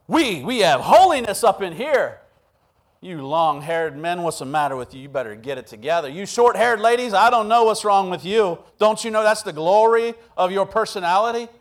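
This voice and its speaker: A man preaching a sermon with humor, acting out quotes and stories in an animated way. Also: sits high, moderate pace. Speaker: pastor.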